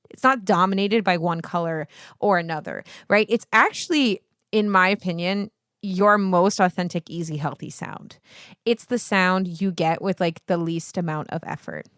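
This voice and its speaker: A woman in her thirties who teaches singing, talking straight to her viewers in a loose, profane ramble. She keeps wandering off on tangents and mocking herself before getting back on track. Her voice sits in an ordinary middle range, and the sound is dry and close with no room echo. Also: medium pitch. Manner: rambling, profane, easily sidetracked; animated, self-mocking asides. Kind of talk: casual vlog monologue.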